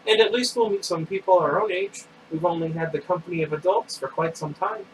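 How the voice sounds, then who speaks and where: A man reading a book aloud, voicing a bright, determined teenage girl inventor in a raised, earnest voice. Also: on the high side, brisk, natural voice. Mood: hopeful. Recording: distant mic with air conditioner hum.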